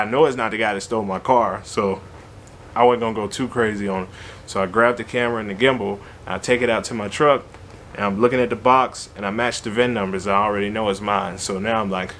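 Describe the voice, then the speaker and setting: A man's voice: on the low side, slight background noise. Slangy man telling a story. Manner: animated, slangy, conversational. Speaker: vlogger. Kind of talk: casual storytelling.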